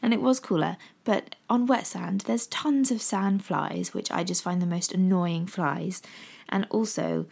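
A woman's voice: fairly low pitch, a little slow, gravelly, darkish tone, husky. A woman in her thirties with an English accent, chatting casually and rambling with frequent ums as she talks to her viewers. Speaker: vlogger. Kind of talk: casual chat.

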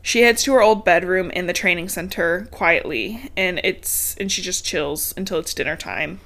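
A woman's voice: on the low side, lively intonation, moderate pace, fairly bright tone. A woman, chatting casually on a podcast as she recaps a book, laughing often and swearing freely. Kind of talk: casual chat.

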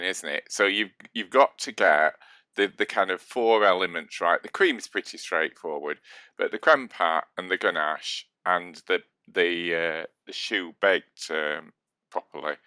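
A man's voice: deep voice, measured pace, pushed and bright, clean tone, dry recording. A man co-hosting a baking podcast, chatting casually and trailing off with restarts. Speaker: podcast co-host, baker. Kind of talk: casual chat.

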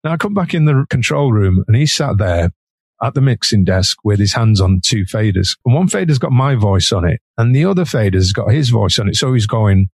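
A man with a Manchester accent spins an anecdote as a musician guest, chatty and quick to laugh between sentences. His voice sits low with a gravelly fry, and the sound is dry and close. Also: darkish tone, no room sound. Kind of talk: anecdotal storytelling.

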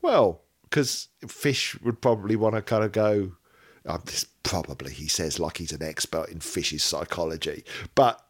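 A man's voice: sits low, moderate pace, slightly rough. A man co-hosting a podcast in casual chat, rambling and joking, often cutting himself off mid-sentence. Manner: rambling, self-interrupting, jokey. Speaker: podcast co-host.

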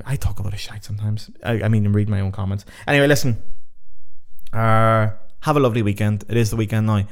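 A man's voice: fairly low pitch, quick pace, clear, resonant tone. A young Irish man hosting his own podcast, talking casually and rambling, swearing freely. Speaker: podcast host. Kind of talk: casual solo podcast chat.

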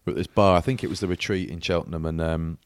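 A man co-hosting a podcast, telling a lively anecdote in casual chat and mimicking the people in it. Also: sits low, fast talker, dry recording, clean studio sound. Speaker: podcast co-host.

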